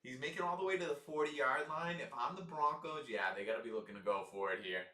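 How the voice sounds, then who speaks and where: A young man giving casual live football commentary on a stream, frustrated and swearing, with sudden loud outbursts. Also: mid-range voice, fast talker, echoey room, distant mic. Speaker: livestream commentator.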